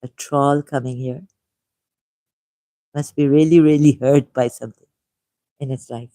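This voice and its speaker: A man's voice: medium pitch, steady tone, warm tone, dry recording. Man with a Pakistani accent, musing reader. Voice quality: deliberate, repeats key words. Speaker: livestream host. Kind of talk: reading aloud with musing asides.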